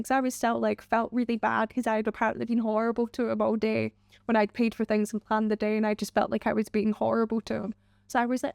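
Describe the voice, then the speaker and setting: A woman's voice: a little high, creaky, a little mellow, no room sound. A young woman telling a personal story in an interview, recounting past talk with quoted lines and many fillers.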